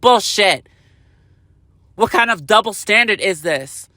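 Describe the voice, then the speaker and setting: High, sharp-voiced man ranting angrily. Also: moderate pace, dry recording, studio quality. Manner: heated, profane, emphatic. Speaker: vlogger. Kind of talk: angry political rant.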